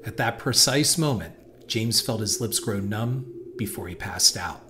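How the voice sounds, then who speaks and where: A man giving a measured, dramatic scripted narration of a horror story. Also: fairly low pitch, lively intonation. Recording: noisy hiss behind voice.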